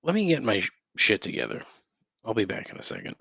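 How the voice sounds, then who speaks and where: Solo podcast host, man, low voice, profane and rambling, rants at home on a dry close mic. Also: wildly swooping pitch, fast talker, creaky, fairly bright tone, breathy edge, no echo. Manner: profane, rambling, with frequent restarts and outbursts.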